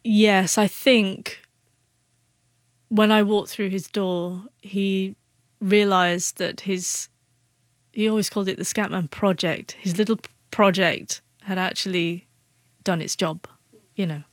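A woman's voice: mid-range voice, fairly even intonation, slow, dry recording. Woman who stutters, talking plainly. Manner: speaks with a stutter, repeating first sounds. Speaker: guest author. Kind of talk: radio interview answers.

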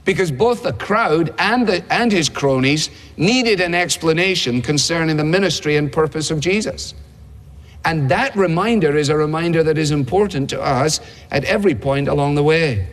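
A man's voice: fairly high pitch, moderate pace. A man preaching a sermon in a conversational way, asking rhetorical questions. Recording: long hall reverb.

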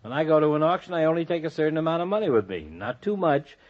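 An actor playing a wry doctor friend in a radio comedy, dry and chuckling. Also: male voice, on the high side, expressive, quick pace, lightly acted. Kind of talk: 1940s radio comedy acting. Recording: dull old radio broadcast recording.

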